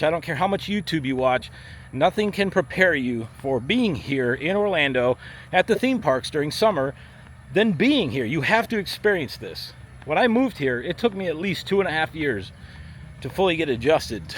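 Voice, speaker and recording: Blunt guy walking and talking to camera outside, kinda high voice, bit of street noise behind. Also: big pitch swings, moderate pace, a bit bright. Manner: blunt, emphatic, acts out body parts in voices. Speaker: firefighter paramedic vlogger. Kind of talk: walk and talk vlog. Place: outdoors in a theme park area. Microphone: handheld camera while walking.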